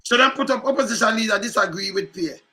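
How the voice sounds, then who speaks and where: A Jamaican man talks over political clips in loose, animated patois, circling back to repeat his points. His voice sits high and rings very bright and sharp. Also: fast, faint music behind. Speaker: political commentator. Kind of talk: casual commentary on news clips.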